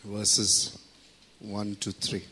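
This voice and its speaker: A man preaching a sermon, reading scripture, praying and teaching in an earnest, deliberate way. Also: lowish voice, completely flat delivery, bright, forceful tone, slight background noise.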